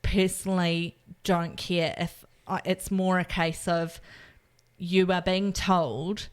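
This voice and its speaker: A woman's voice: on the low side, steady tone, slow, clean tone. A New woman talking as a podcast guest, earnestly explaining her views with lots of "um" and "you know". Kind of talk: casual chat.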